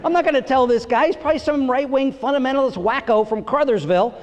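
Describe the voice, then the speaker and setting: A middle-aged man performing a stand-up comedy set on stage, telling stories and acting out voices with big jumps in pitch. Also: fast, highs cut off, a little hiss or hum. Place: theater stage before a live audience. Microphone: stage microphone. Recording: live theater recording with long reverb.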